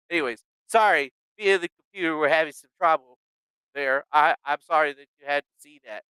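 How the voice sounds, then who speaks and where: A man streaming from his home setup, ranting casually and profanely, swearing at his own software. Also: on the high side, a little fast, smooth, dry recording, studio quality. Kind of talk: casual livestream rant. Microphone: desk microphone with noise gate.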